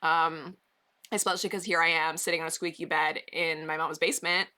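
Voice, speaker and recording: Brief: chatty woman streamer with a bright, sharp voice, casual and rambling, talking to viewers from her basement. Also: low voice, level tone, a little fast. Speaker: livestreamer. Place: basement bedroom.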